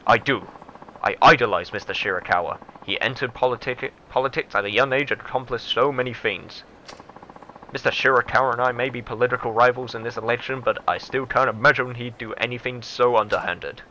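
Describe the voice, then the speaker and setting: A man doing a soft-spoken, earnest politician. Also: medium pitch, fairly quick, natural voice. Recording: dull lo-fi with faint noise.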